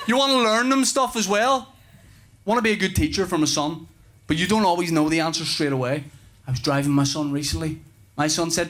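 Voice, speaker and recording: A man in his thirties doing stand-up, telling stories about his young son with animated delivery and flustered swearing. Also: on the high side, fairly quick. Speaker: stand-up comedian. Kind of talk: stand-up comedy routine. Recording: noisy live stage recording.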